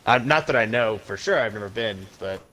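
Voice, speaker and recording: A man's voice: lowish voice, brisk, fairly bright tone, slight background noise, poor audio. A man co-hosting a podcast, talking in a rambling, opinionated casual way. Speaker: podcast co-host. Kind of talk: casual chat.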